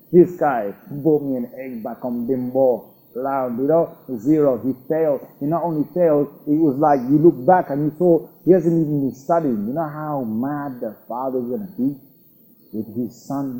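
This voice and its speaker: A man giving a religious lecture to a class, animated, acting out little scenes and asking his listeners questions. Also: mid-range voice, normal speed, poor audio. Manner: animated, acts out quoted voices, questions the audience. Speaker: Islamic teacher.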